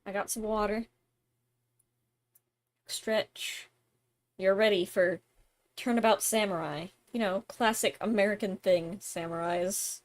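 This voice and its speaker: A woman's voice: medium pitch, fairly even intonation, takes it slowly, long pauses, a little hiss or hum. A young woman streamer giving casual, self-mocking let's-play commentary.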